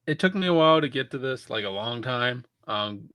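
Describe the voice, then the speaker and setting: A man's voice: medium pitch, expressive, fairly quick, pushed and bright, clear, resonant tone, no room sound. A man co-hosting a podcast, chatting casually about a film with lots of restarts and the odd curse word. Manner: rambling with many restarts and casual swearing. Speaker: podcast co-host. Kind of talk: casual film review chat.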